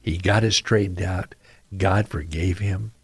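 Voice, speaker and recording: A man's voice: sits low, measured pace, slightly rough, no echo. A middle-aged man hosting a radio devotional, speaking earnestly, praying and reading scripture with rising emphasis. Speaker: radio pastor and host.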